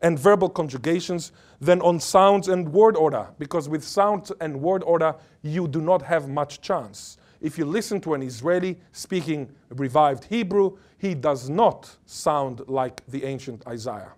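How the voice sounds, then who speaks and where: Man, academic lecture, linguist, fairly high voice, playful wordplay, emphatic. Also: measured pace, few pauses, a little mellow. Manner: playful, fond of wordplay and jokes; emphatic, asks the audience questions. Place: lecture or workshop before an audience.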